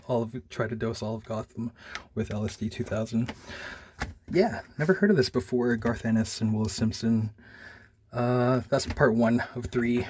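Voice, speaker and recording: A man's voice: mid-range voice, fairly even intonation, unhurried, a little mellow, a little hiss or hum. A young man casually reviewing a comic, rambling in a laid-back way with lots of "like" and "man".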